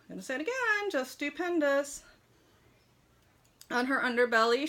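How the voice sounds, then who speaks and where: A woman's voice: a little high, fairly bright tone. Gushing woman reviewing a collectible. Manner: chatty, gushing, many fillers. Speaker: toy shop owner reviewing a model horse. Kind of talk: casual unboxing review. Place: home kitchen.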